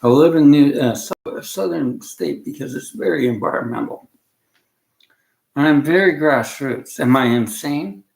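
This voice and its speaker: A man's voice: fairly high pitch, animated, unhurried, gravelly. A man from Canada ranting to camera, rambling and agitated, often breaking off mid-sentence. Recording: echoey room.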